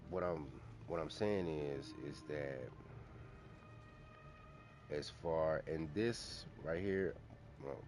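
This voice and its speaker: A man's voice: very deep voice, noisy background. A man talking casually on his own channel, rambling with restarts and self-corrections as he goes. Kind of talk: casual solo commentary.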